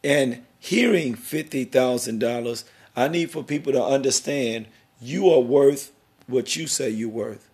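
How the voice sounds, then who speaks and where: Middle-aged guy hosting a podcast, gravelly voice, preachy and emphatic, rambles a lot. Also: medium pitch, measured pace, a little mellow. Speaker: podcast host. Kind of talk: emotional podcast interview.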